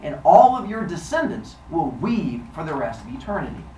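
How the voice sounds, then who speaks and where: A man's voice: on the high side, big pitch swings, normal speed, mellow, reverberant, a little hiss or hum, rough recording. A man putting on a sassy proud goddess. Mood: stern. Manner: sassy and theatrical. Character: proud woman goddess, haughty then sheepish.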